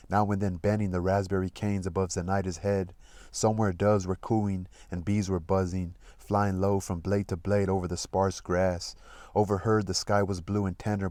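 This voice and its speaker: Brief: man with a very low voice, reading literature aloud, stops to re-read and comment, close dry mic. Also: a little mellow, dry recording. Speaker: reader of a literary audiobook channel.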